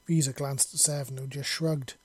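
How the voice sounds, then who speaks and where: A man narrating a story in a steady, even storytelling voice. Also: mid-range voice, normal speed, slightly rough, no room sound. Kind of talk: audiobook narration.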